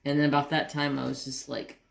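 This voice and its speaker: A woman hosting a craft channel, telling a rambling, animated story with mild cursing. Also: very deep voice, brisk, vocal fry. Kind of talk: casual storytelling while crafting.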